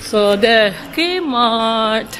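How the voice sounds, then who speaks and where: A woman's voice: a little high, lively intonation, very slow, fairly bright tone, soft background music. A Filipino woman in her thirties with a Filipino accent, chatting casually to her viewers on a vlog and switching between Tagalog and English. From Philippines. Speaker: vlogger. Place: walking through a shopping center.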